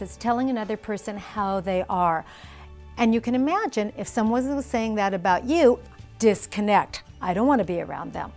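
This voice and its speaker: A middle-aged woman teaches in a calm, explanatory way, sometimes acting out the phrases people say. Her voice sits at a middle pitch. Faint music plays underneath. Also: normal speed. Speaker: parenting instructor. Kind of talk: instructional video talk.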